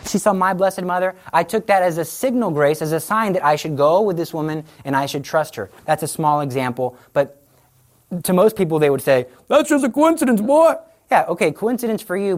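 A woman with a low voice gives a conversational talk on faith to an audience. She tells stories with animation and slips into the voices of the people she quotes. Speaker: Catholic speaker on the rosary.

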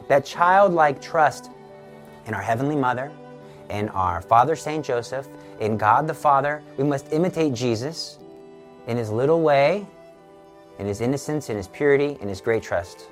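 A man's voice: mid-range voice, expressive, moderate pace, faint music behind. Earnest man telling a devotional story. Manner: earnest, with rhetorical questions and rising emphasis. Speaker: Catholic speaker.

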